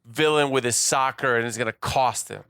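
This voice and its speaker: Calm male co-host, crisp bright voice, dry close mic, explains things evenly. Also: medium pitch, normal speed, no echo. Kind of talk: casual chat.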